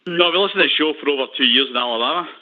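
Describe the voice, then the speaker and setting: Over a tinny phone connection with a little hiss or hum, a Scottish caller to a radio phone-in talks at a racing pace in a fairly high voice. He's chatty and tends to say things more than once.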